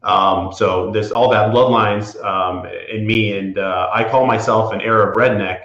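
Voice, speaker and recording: Low guy from the florida panhandle, lawyer explaining stuff, lots of um and restarts, echoey dull audio. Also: fairly even intonation, measured pace, fairly bright tone. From Florida Panhandle, USA. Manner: hesitant, many restarts and fillers. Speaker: property insurance attorney, guest. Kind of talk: casual interview talk. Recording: roomy, dull lo-fi sound.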